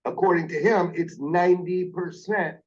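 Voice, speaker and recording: A man's voice: sits high, fairly even intonation, normal speed, highs cut off. A man training call-center staff on phone sales, speaking emphatically and repeating his key points. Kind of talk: coaching a call-center team.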